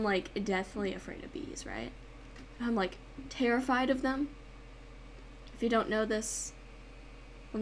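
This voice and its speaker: A young woman chatting casually while she draws on a stream, reading chat aloud and telling stories with sudden dramatic outbursts. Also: a little high. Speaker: art and gaming YouTuber. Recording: faint background noise.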